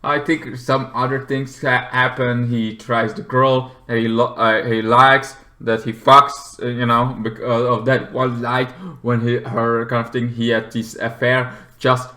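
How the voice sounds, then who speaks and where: A man's voice: medium pitch, little pitch movement, unhurried, bright, forceful tone. A man casually reviewing a horror movie, rambling with many fillers and swearing as he retells scenes animatedly.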